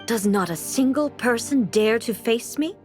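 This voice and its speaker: An imperious ruler speaks with cold, formal command in a game scene. Her voice sits slightly high and every word is measured. Faint game music plays behind her. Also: lively intonation.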